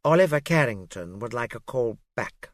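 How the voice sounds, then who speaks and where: A man putting on a prim, aloof young secretary with a posh English accent, clipped and quiet in delivery. The voice stays at a middling pitch, dry and close like a studio audiobook read. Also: lively intonation, normal speed, no echo, natural voice.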